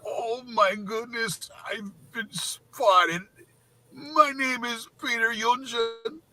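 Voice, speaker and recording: A man's voice: very high voice, steady tone, takes it slowly, sharp tone, exaggerated voice. A man putting on a mocking voice as a rambling, repetitive internet troll. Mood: mocking, giggly. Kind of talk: mocking parody monologue.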